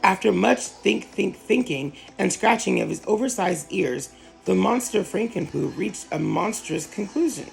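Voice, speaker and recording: A channel host reading a children's storybook aloud with expressive narration. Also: medium pitch, moderate pace, gravelly, soft background music, low-quality recording. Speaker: storybook reader.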